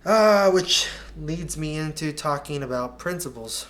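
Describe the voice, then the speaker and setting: A man's voice: fairly high pitch, animated, unhurried, a bit bright. A man commentating over match footage in a casual video breakdown, critiquing players with exasperated asides and slang. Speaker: soccer analyst.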